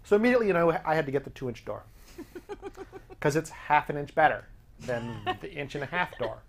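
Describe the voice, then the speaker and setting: A man hosting his own show, telling a casual anecdote in an animated, self-amused way and acting out the back-and-forth of a conversation. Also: a little high, a little fast, gravelly. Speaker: podcast host.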